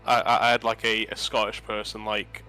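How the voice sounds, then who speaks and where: A man co-hosting a story reading, talking in a halting way and repeating words while he gathers his thoughts. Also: on the low side, flat delivery, sharp tone, soft background music.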